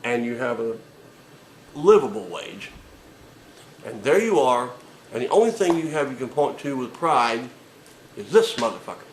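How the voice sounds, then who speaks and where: A man's voice: medium pitch, very animated, moderate pace, pauses often, reverberant, slight background noise, poor audio. A man delivering a sarcastic, profane comedic rant with emphatic delivery.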